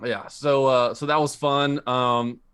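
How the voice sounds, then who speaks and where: A man's voice: medium pitch, little pitch movement, takes it slowly, fairly bright tone, smooth, dry recording. A man co-hosting a podcast, chatting casually about movies and rambling with lots of fillers and restarts. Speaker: podcast co-host. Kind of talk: casual chat.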